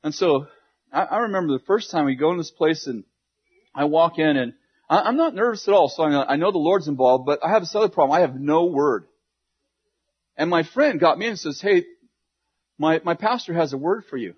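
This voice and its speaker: A man preaching to a congregation, telling a funny story in an animated way with laughs and quick asides. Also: on the high side, husky. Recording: dull lo-fi sound.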